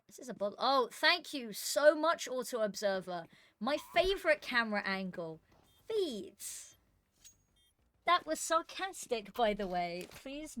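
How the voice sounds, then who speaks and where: A woman in mid pitch chatting through an esports match on her live stream, rambling with fillers and poking fun at herself. Faint hiss and clicks sit behind her voice. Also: fairly bright tone. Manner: chatty and self-deprecating, rambling with fillers and asides. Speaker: esports caster streaming a qualifier. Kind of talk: casual live-stream commentary.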